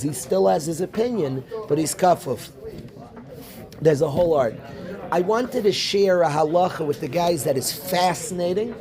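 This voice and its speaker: A man, a rabbi teaching a Talmud class, animated, calling on students by name and repeating his questions. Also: high-pitched. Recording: room noisy with student chatter.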